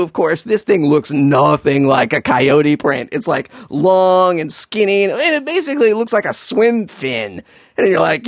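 A man's voice: sits high, sing-song, unhurried, no echo, clean studio sound. A man doing a sarcastic, exasperated comedic recap of a film, swearing freely.

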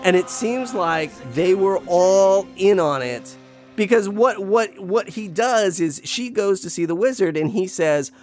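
A man's voice: high-pitched, lively intonation, unhurried, darkish tone, soft background music. Rambling man reviewing a film. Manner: rambling, full of fillers and restarts; wry, playfully griping. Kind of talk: casual movie review chat.

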